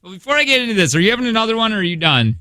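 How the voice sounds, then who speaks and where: A man's voice: sits high, very animated, racing, sharp tone, no echo. Chatty radio guy joking around in the studio, voice jumps up and down a lot, dry close mic. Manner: joking, laughs often, rambling with many fillers. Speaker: radio show host. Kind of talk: casual morning radio banter. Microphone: studio microphone.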